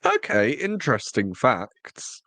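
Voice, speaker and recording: A man's voice: medium pitch, huge pitch swings, takes it slowly, fairly bright tone, dry recording. A man co-hosting a podcast, chatting casually with wry, teasing humor. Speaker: podcast co-host. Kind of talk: casual chat.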